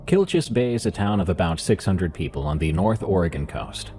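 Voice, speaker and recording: A man with a nasal voice hosting and narrating horror stories in a calm, measured way. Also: deep voice, faint music behind. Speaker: horror story narrator and podcast host.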